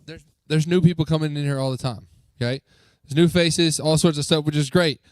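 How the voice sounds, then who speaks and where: A man leading a youth group as its pastor, upbeat and joking, coaxing the crowd with quick questions. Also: on the high side, fairly even intonation, darkish tone, no echo. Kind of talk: lively talk to a youth group. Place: church youth room.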